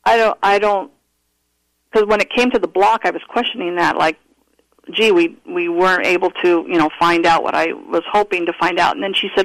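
A man calling in to tell a personal story, earnest and animated, often restarting his sentences. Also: sits high, dry recording, rough recording. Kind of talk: casual storytelling interview.

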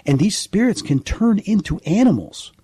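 Husky, mellow-voiced earnest radio guest. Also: male voice, high voice, very animated, normal speed, no echo. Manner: earnest, rambling explanations with restarts. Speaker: paranormal investigator, guest. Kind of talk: radio interview storytelling.

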